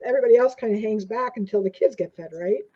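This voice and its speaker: This older woman speaks fast in a voice on the high side. She's a guest in a casual interview, spinning rambling anecdotes packed with fillers, and the lo-fi audio sounds dull.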